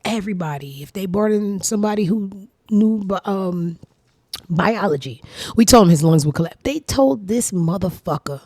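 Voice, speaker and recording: A young woman hosting a casual commentary show, talking in an animated, profane, sarcastic way with big swings in pitch and loudness. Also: no echo, studio quality. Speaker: show host. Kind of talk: casual commentary reacting to social media.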